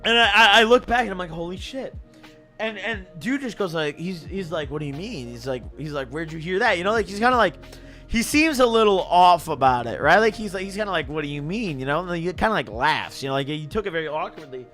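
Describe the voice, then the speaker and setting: Faint music plays behind this young man's high, fast voice as he drunkenly spins a story on stream. His telling is casual and full of slang, and he keeps laughing as he goes.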